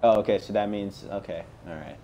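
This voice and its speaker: A man's voice: fairly low pitch, a little fast, dark tone, a little hiss or hum. A man hosting a game role-play, talking casually in the part of a police officer, hesitant with fillers, on a headset. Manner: chatty, hesitant, many uh fillers and restarts. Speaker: host playing a police officer.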